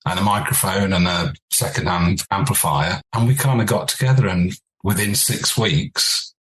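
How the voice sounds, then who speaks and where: Deep-voiced older man telling stories. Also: moderate pace, slight background noise, rough recording. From England. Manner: animated anecdotes, acts out quoted dialogue. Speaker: podcast guest, musician. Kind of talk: casual storytelling interview.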